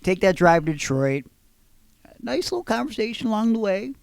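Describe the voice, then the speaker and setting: A man hosting a podcast, telling stories in a casual, animated, profane way. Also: sits high, normal speed, gravelly, clean tone, dry recording. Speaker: podcast host. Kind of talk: casual chat.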